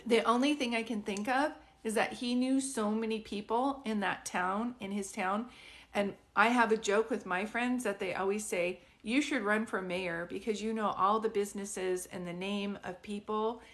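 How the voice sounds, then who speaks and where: A woman's voice: medium pitch, fairly even intonation, a little slow. Chatty woman doing a psychic reading. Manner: chatty and rambling, full of "like" and restarts. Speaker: psychic medium giving readings. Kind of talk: casual live-stream reading. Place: at home with a dog nearby.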